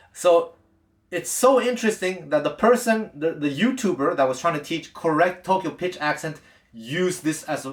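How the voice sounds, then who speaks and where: A man's voice: fairly high pitch, fairly bright tone. Chatty man in an echoey room. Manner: chatty and digressive, many restarts. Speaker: jazz guitar teacher. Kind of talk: casual talk to camera.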